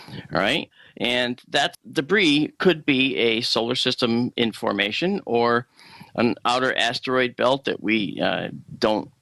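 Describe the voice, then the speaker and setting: Gravelly, bright-voiced astronomer man. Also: mid-range voice, no room sound. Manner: chatty, laughs often, many fillers. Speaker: astronomer guest. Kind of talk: casual conversational explanation.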